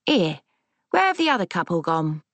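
A woman's voice: lowish voice, sing-song, normal speed, no echo. A woman voicing a forgetful elderly grandmother with a Cockney accent, her voice raised and thinner than her narration. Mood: puzzled. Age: older.

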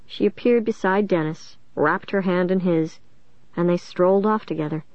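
A woman reading a first-person audiobook in a steady, measured way. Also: on the low side, dry recording, lo-fi sound. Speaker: audiobook narrator.

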